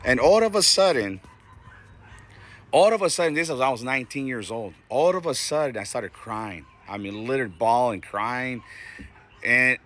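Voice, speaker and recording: A man in his forties tells his own faith story in a plain, mid-pitched voice. He talks in an earnest, halting way, stopping and restarting often and filling gaps with casual fillers. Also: sharp tone. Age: 40s. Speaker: Christian testimony speaker. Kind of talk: personal faith testimony.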